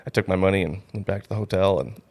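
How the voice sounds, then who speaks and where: A man's voice: deep voice, rapid-fire, darkish tone. A young man from North Dakota, a stand-up comedian, telling rambling stories full of "like" in a casual radio studio interview. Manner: rambling storyteller, heavy on "like".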